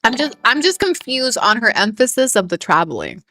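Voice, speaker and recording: A woman from Mexico reacts live as a streamer, swearing and mocking with a laugh never far off. Her voice is bright and forceful, a little high, and sits in a dry, close room. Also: sing-song, a little fast, no room sound. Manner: profane, mocking, laughing often. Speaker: commentary streamer.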